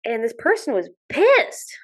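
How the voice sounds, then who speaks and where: Animated, swearing woman telling stories. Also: a little high, measured pace, poor audio. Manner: animated storyteller, mild swearing. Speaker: podcast guest, dog sport competitor. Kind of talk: casual podcast chat.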